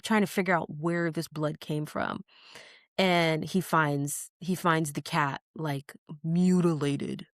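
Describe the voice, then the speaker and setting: Woman podcast co-host, casual chat, lively storytelling, dry close sound. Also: low voice, no echo. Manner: animated storytelling, acts out quoted lines. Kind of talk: casual chat recapping a show.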